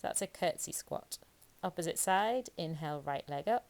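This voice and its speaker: A woman yoga instructor, giving calm, encouraging step-by-step cues through a flow class. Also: deep voice, moderate pace. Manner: calm, encouraging cueing with occasional light laughs.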